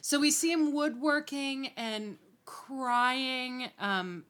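A woman co-hosting a podcast, casually recapping a TV episode, animated and swearing freely. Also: high voice, very slow. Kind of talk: casual chat.

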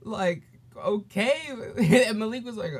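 A man's voice: high voice, slow, slightly rough. A teenage boy talks casually on his solo podcast. His storytelling rambles, full of "um"s and restarts, and he sometimes acts out the people in his story. His tone is loose and chatty. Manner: rambling and animated, with many fillers and restarts. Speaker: podcast host.

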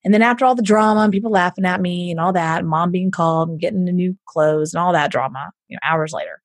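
A woman's voice: on the low side, fast, dry recording. A Southern woman from Houston, a business coach, chatting on a podcast and acting out the people she quotes. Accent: Southern American. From Houston, Texas. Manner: animated storyteller, acts out quoted voices. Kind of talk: casual podcast conversation.

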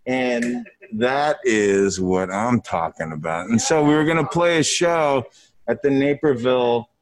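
A man's voice: medium pitch, measured pace. A middle-aged man, a musician, telling a rambling, profane tour story to a room, often breaking into laughs.

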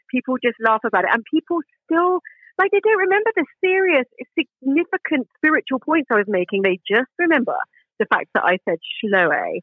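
A woman guest chats through an interview, with plenty of self-deprecating restarts. Her voice sits high and a little husky. It comes through a thin, phone-like line that sounds dry. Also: dry recording. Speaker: guest speaker. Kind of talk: casual interview chat.

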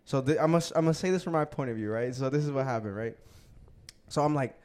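A young adult man hosting a casual podcast tells a story about a bar, using loose slang and swearing a lot. He talks quickly at medium pitch with a darkish tone.

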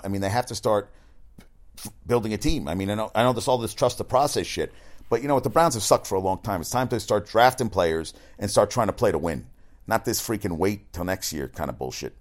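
A middle-aged man hosting a sports talk show, talking casually and bluntly, with frequent asides and swearing. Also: lowish voice. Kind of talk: casual sports radio monologue.

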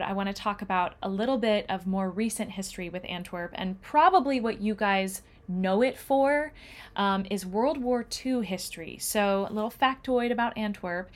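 A woman co-hosting a podcast, chatting with enthusiasm about a family trip, with lots of fillers. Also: mid-range voice. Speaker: podcast co-host. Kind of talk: casual travel chat.

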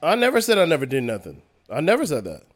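A man's voice: a little high, wildly swooping pitch, fast talker, a little hiss or hum. Insistent man in casual debate. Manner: insistent, argumentative. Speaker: podcast co-host.

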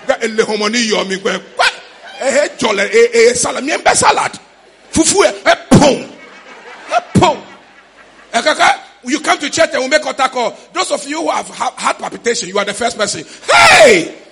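A man with a Ghanaian accent preaching a sermon in church, shouting in a sing-song way with sudden high cries. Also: fairly quick, vocal fry, breathy edge. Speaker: pastor.

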